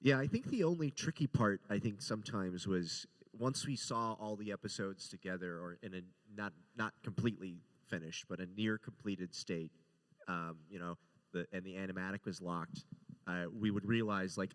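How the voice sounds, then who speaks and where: A man on a convention panel recalling production hiccups with a relaxed, amused tone. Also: low-pitched, normal speed. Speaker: show co-creator. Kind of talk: casual panel talk.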